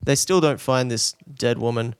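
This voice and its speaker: A man's voice: medium pitch, moderate pace, clear, resonant tone, no echo. Self-deprecating man on a dry mic. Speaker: podcast co-host. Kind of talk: casual chat.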